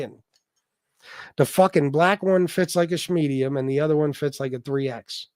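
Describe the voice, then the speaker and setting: A man's voice: a little high, fairly quick, darkish tone, no echo, studio quality. A man in his forties hosting a casual livestream, rambling and joking with plenty of profanity, stammering when flustered. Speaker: livestream host. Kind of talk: casual live-stream chat.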